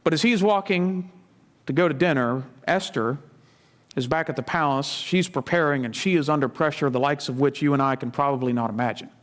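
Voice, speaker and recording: High-voiced pastor retelling scripture. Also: male voice, fairly quick. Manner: storytelling, dramatic retelling of scripture; conversational asides. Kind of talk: sermon.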